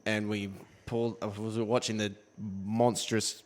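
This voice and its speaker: Low-voiced man, teasing. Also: level tone, measured pace. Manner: teasing, crude jokes. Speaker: podcast co-host. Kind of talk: casual banter.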